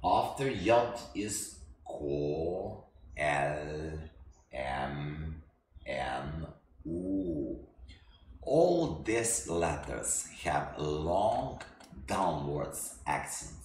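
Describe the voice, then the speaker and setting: Male teacher, very slow and halting, echoey room. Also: very deep voice, very animated, darkish tone, slight background noise. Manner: slow, halting, with many restarts. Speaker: language teacher. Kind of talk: language lesson.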